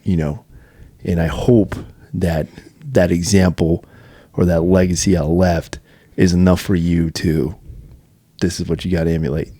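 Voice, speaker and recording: A man with a very low, mellow voice speaks earnestly in a relaxed podcast conversation. He fills his sentences with "you know". The sound is dry and close to the mic. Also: measured pace, breathy edge, no room sound. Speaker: podcast co-host. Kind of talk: casual podcast chat.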